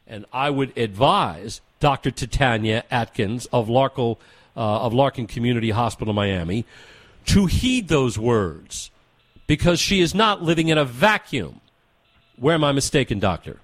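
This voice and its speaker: A man's voice: mid-range voice, very animated, unhurried, no echo. A man hosting a talk radio show, delivering opinionated commentary with emphatic, rhetorical repetition.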